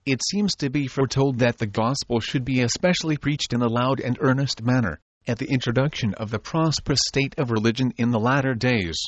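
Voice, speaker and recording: A man reading an old religious treatise aloud, in slow and deliberate phrases with pauses. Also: medium pitch, dry recording, highs cut off. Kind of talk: measured reading of a sermon text.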